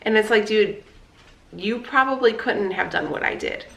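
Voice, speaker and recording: A woman's voice: medium pitch, normal speed, vocal fry, fairly bright tone, roomy sound. A woman in her thirties chatting candidly as a vlogger, fired up, with lots of fillers and swearing. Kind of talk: casual chat.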